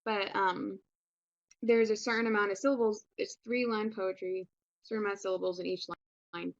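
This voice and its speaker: In a recorded online class, a young woman teaches an English lesson casually and chattily, with many ums and restarts. Her mid-range voice keeps a steady tone at normal speed, and the audio is dull but free of echo.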